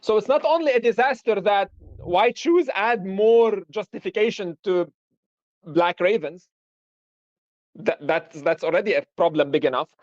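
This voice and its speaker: High-voiced man lecturing through examples. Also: a little slow, dry recording, dull audio. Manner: explains with rhetorical questions and examples. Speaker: philosophy lecturer. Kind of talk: live-streamed lecture discussion.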